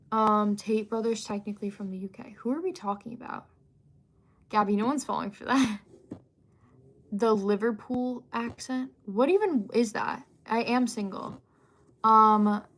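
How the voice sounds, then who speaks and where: Her voice is on the high side, at a normal speed. As a livestream host, this young woman reads viewers' comments aloud and chats casually, filling the gaps with fillers and giggles.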